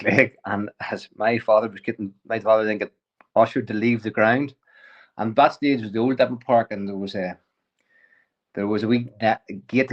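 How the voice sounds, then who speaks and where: A man, a podcast guest telling a lively story, often chuckling and restarting sentences. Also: on the low side, muffled recording. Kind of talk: casual storytelling.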